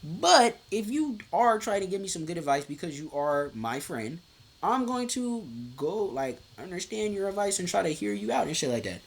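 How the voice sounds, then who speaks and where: Animated, swearing young man venting. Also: sits high, normal speed. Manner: swears a lot, jumps between laughing and near tears; restarts and stammers often. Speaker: vlogger. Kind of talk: casual rant to camera.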